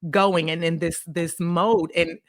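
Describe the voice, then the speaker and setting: Low-voiced woman telling personal stories. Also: slow pace, no room sound, clean studio sound. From Illinois, USA. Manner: animated, acts out remembered dialogue. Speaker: podcast guest, consulting firm CEO. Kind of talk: casual interview storytelling.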